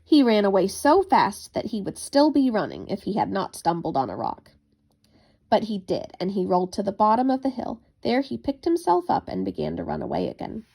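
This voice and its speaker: Woman, bedtime story reading, gentle, expressive, gravelly voice, lively pitch. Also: a little fast.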